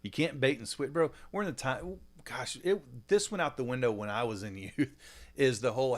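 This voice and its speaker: A man, a pastor hosting a podcast, talking in animated, rambling casual chat with frequent laughs and fillers. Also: medium pitch, fairly quick.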